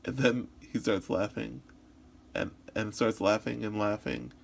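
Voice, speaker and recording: Male interpreter voicing a signed first-person story for practice; gravelly fry, halting delivery with restarts. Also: fairly low pitch, steady tone, a little hiss or hum. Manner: halting, with frequent restarts and repetitions.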